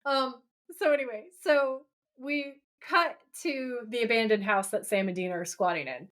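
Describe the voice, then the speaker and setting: A woman co-hosting a podcast, casually recapping a TV episode and acting out the characters' lines with lively energy. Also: fairly high pitch, normal speed. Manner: animated storyteller who acts out the characters' lines. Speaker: podcast co-host.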